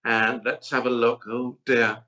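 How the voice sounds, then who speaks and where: Middle-aged male chef guest, lively and chatty storyteller; bright tone over dull audio. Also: mid-range voice, unhurried. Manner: chatty, animated, rambling storyteller. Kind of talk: casual interview chat.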